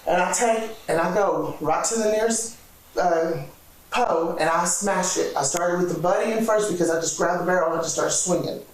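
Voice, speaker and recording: Woman, interview subject; animated retelling that acts out every quote. Echoey room, mic well off. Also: fairly low pitch, moderate pace, far from the mic. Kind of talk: recounting events in an interview.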